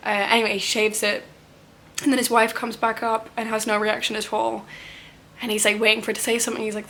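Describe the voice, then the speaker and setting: A woman's voice: a little high, completely flat delivery, fairly quick, pushed and bright, slight background noise. A young woman talking casually about books she plans to read, rambling with lots of "um" and "like". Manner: rambling, many "um" and "like" fillers. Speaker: book vlogger.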